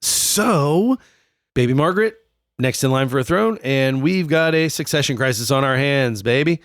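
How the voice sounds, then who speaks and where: A man's voice: mid-range voice, lively intonation, moderate pace, fairly bright tone, dry recording, clean studio sound. A young man co-hosting a comedic history podcast, telling the story in a profane, jokey way. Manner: profane, jokey, puts on silly voices. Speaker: podcast co-host.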